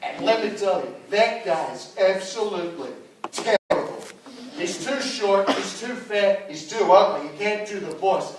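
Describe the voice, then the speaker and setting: Man impersonating a boastful older American politician, put-on American accent, keeps saying okay, high-pitched, picked up from across a noisy hall. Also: animated, a little slow. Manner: bragging, repeats "okay?" and "let me tell you". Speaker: MC of a student debate. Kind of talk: stand-up impression. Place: university lecture hall. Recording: echoey hall, distant mic, noisy.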